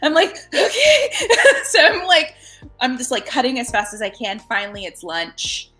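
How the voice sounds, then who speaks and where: Woman podcast guest, bright and high, lively storyteller, faint music under. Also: moderate pace. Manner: animated, laughing, acts out voices in her story. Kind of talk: casual storytelling.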